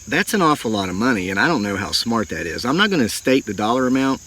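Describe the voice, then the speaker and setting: A man's voice: medium pitch, quick pace. Earnest middle-aged man telling a story. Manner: folksy, earnest, animated retelling with acted quotes. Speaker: homesteading channel host. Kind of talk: storytelling monologue.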